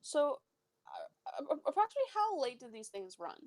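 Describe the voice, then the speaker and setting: A woman's voice: high-pitched, huge pitch swings, moderate pace, darkish tone. A woman gushing enthusiastically in casual chat before a tabletop game. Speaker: player.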